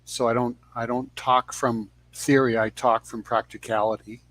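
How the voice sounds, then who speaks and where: A middle-aged man answers as a guest coach over a video call. He speaks in a measured, earnest way, sometimes stumbling and restarting a word. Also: mid-range voice, flat delivery, a bit bright. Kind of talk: interview answers.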